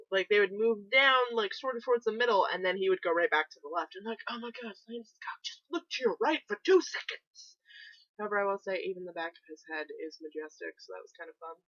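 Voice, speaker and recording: A woman's voice: lowish voice, pushed and bright, no room sound. A young woman vlogging in a casual, gushing and sarcastic way, swearing often. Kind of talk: casual chat. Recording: dry, dull lo-fi sound.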